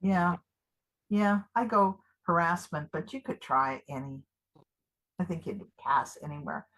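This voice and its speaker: A woman's voice: lowish voice, unhurried, exaggerated voice, low-quality recording. A woman performing live improv, playing an eager, jittery older activist who gushes over every idea and frets about being found. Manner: gushing, excitable, a little paranoid.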